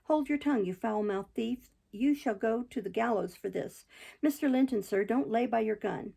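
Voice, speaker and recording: A woman reading a gruff, hostile manservant. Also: fairly high pitch, normal speed, mellow, full character voice. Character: gruff, hostile male servant.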